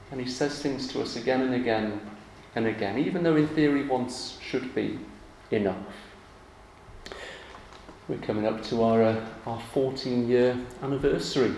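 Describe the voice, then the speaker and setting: Conversational male preacher in an echoey hall. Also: medium pitch. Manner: conversational, animated when acting out examples. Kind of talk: sermon. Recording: echoey room with faint ambient noise.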